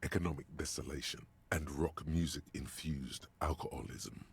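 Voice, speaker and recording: Game inner voices, very deep, gravelly, ominous narration. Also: steady tone, heavily acted. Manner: slow, ominous, dramatic delivery, sometimes whispered. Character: the detective's inner voices, gruff male narrator.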